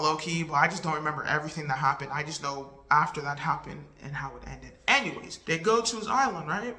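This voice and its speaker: A woman's voice: low-pitched, pushed and bright, echoey room. A woman casually retelling a movie plot in a rambling, chatty way, losing track and correcting herself as she goes. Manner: rambling and chatty, full of "like" and "right?"; loses track and corrects herself mid-story. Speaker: vlogger reviewing a movie. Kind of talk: casual spoken movie recap.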